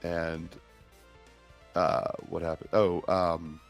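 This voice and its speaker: Guy with a real low voice chatting on a podcast, kinda rambly. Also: level tone, extremely slow, soft background music. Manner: rambling, loses his train of thought. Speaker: podcast co-host. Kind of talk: casual chat.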